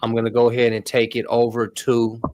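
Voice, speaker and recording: A man's voice: mid-range voice, completely flat delivery, a little fast, a little mellow, no echo, studio quality. A man hosting a casual tech tutorial stream, talking loosely in slang to his viewers. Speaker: host.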